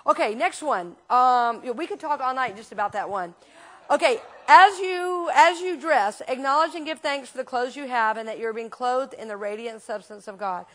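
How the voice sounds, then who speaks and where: A woman minister teaching a class in a church, talking casually and telling lively anecdotes with frequent restarts. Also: high voice, moderate pace. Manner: chatty, animated storyteller with frequent restarts.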